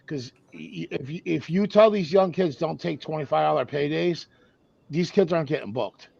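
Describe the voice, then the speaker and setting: A man's voice: a little high, normal speed, vocal fry, a little mellow, breathy edge, no echo. A man making blunt, emphatic points in casual podcast chat. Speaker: wrestling podcast panelist. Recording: dry, dull lo-fi audio.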